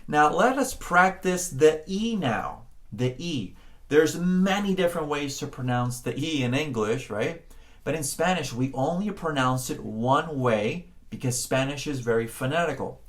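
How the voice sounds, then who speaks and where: A man teaching a Spanish pronunciation lesson, encouraging the learner, often checking in with "okay?", and drawing out words slowly to model them. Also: fairly high pitch, animated, a bit bright. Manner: slow, drawn-out words when modeling sounds. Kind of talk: spoken language lesson.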